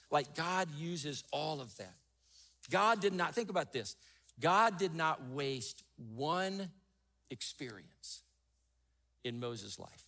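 Emphatic high-voiced male preacher. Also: fairly bright tone. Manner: emphatic, rising and falling, repeats key phrases. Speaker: pastor. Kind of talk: sermon.

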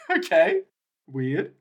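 Guy cohosting a podcast, excitable, laughs a lot, kinda high voice. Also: very slow, husky. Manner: excitable, laughs and swears often. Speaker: podcast co-host. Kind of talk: casual chat.

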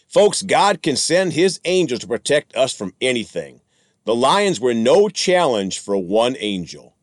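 A man's voice: mid-range voice, big pitch swings, a little slow, no echo, studio quality. A man reading Bible verses aloud and commenting on them for his listeners in the manner of a sermon. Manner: reads verses, then addresses listeners as friends and folks. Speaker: preacher.

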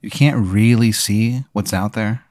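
A young man hosting a comedy podcast, telling an improvised absurd story with deadpan delivery. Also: fairly low pitch, unhurried, no echo, clean studio sound. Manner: deadpan, building absurd scenarios.

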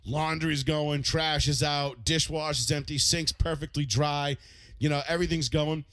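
Bright, animated man chatting with heavy swearing. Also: fairly high pitch, normal speed, no echo. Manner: animated, swears a lot, acts out angry quotes. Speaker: podcast co-host. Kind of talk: casual profane chat.

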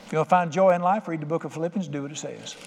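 A man's voice: fairly high pitch, very fast, creaky. Older male pastor, folksy conversational sermon delivery, long church reverb with faint room noise behind. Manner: folksy, conversational preaching with acted-out quotes. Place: church sanctuary. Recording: reverberant hall with faint ambience.

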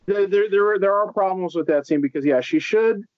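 A man's voice: high-pitched, brisk, dry recording. A man co-hosting a casual podcast about films, rambling with many fillers and restarts. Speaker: podcast co-host. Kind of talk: casual film discussion. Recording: slightly dull lo-fi audio.

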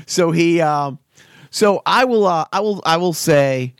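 A man's voice: on the high side, animated, unhurried, smooth, no room sound. Man, podcast co-host, rambling, restarts, dry close mic. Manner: rambling, many restarts and fillers. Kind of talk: casual chat.

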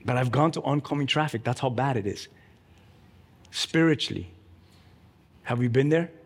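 A man preaching a sermon, emphatic and energetic, telling a story with lively quoted voices. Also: mid-range voice, moderate pace, slightly rough, big-room sound. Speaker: pastor.

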